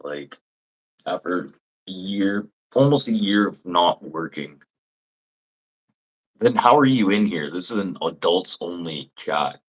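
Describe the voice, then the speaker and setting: A Canadian man chatting with viewers on a livestream, blunt and rambling, swearing freely and mimicking people in high mocking voices. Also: animated, slow, pauses often, a bit bright, highs cut off. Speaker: livestream host. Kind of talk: casual live chat with viewers.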